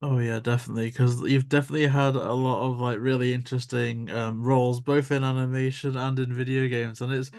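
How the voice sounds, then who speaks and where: A man's voice: medium pitch, flat delivery, fairly quick, creaky, hardly any pauses, a little mellow, dry recording, studio quality. A man hosting an interview, asking questions with enthusiasm and some hesitation. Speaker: interview host.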